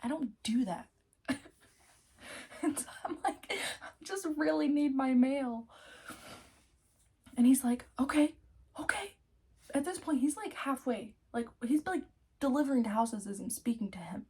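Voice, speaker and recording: A young woman in her twenties, telling a story in a casual vlog, animated, swearing freely and laughing often. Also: sits high, measured pace, long pauses, breathy edge. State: out of breath. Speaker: vlogger.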